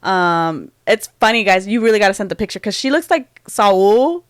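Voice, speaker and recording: A woman's voice: medium pitch, expressive, moderate pace, dry recording, clean studio sound. A woman co-hosting a casual chat podcast who laughs often and teases with a lot of slang. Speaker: podcast co-host.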